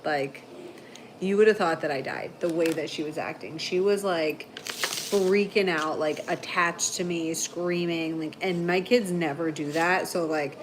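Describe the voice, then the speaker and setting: A woman hosting a casual livestream, telling long rambling stories full of "like" and quick laughs. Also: on the low side, background noise. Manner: chatty storyteller, heavy "like" filler, frequent laughter. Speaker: livestream host.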